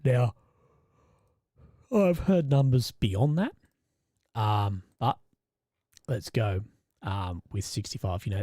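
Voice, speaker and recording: A man's voice: on the low side, darkish tone. A man, talking off the cuff on a live stream. He stays casual and rambling, swears freely and keeps restarting his sentences. The sound is dry and close, with no room echo. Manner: loose and conversational, swears often, restarts sentences. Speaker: independent reporter and live-stream host. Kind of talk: casual live-stream commentary, reading viewer chat.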